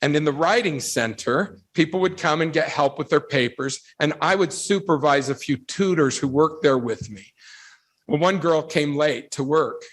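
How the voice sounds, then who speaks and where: A man with a slightly higher voice delivers a devotional talk to a young audience. He tells lively stories and keeps asking rhetorical questions. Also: normal speed. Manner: animated storytelling, rhetorical questions. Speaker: religious speaker addressing youth.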